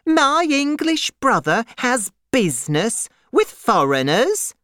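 A high, trembling middle-aged Englishwoman pleads through tears, as a woman reads her part. The voice leaps and swoops, drawn out and unhurried. The sound is close and dry. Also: very animated, a bit bright, no room sound, exaggerated voice. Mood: tearful pleading.

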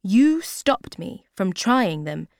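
A woman voicing an adult female shop customer who talks loudly and indignantly while reading a storybook aloud. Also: medium pitch, sing-song, slow, dry recording, clean studio sound. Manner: loud, indignant.

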